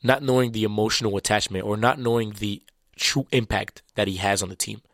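A man whose first language is French talks basketball in a loose, chatty way, full of slang and restarts. His voice sits fairly low. The sound is dry and close, with no room echo. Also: fairly even intonation, a little fast, a bit bright. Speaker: basketball commentator. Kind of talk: casual sports talk.

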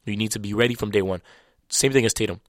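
Man, French native, low voice, casual slangy sports chat, dry close sound. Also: fast talker, no room sound. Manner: loose and chatty, with slang and restarts. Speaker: basketball commentator.

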